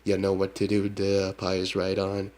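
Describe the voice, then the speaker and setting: Man, Hmong accent, low monotone, rambling psychic monologue, scornful asides. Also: moderate pace. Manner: ends phrases with a scornful "duh". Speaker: self-styled psychic shaman.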